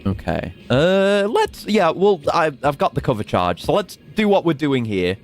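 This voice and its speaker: A man's voice: a little high, very animated, normal speed, soft background music. A young man casually commenting on a game as he streams, jokey and prone to swearing. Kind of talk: casual game commentary, reading dialogue aloud.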